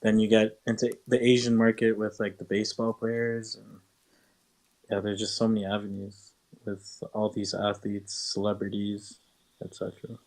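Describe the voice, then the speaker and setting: A man musing aloud in a casual live audio chat, his voice set a little low. He hedges and circles with fillers as he talks. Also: monotone, normal speed, darkish tone. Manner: rambling, hedging with "like" and "right".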